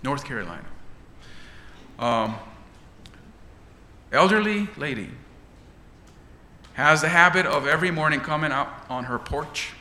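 A man preaches in a church hall with dramatic swells, his pitch leaping and dropping in a rising and falling delivery. His bright, ringing tone moves at a measured pace with frequent pauses and lively intonation. A long reverb trails him over a faint hum of ambience.

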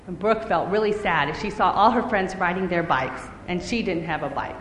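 A woman telling a children's story in a lively, expressive way. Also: fairly low pitch, moderate pace, slight background noise. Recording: echoey hall with faint ambience.

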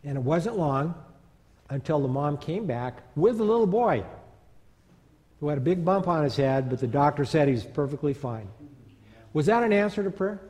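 Pastor telling a story in an echoing church. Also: male voice, a little high, normal speed. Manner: conversational, animated storytelling with fillers. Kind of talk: storytelling sermon. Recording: long church reverb.

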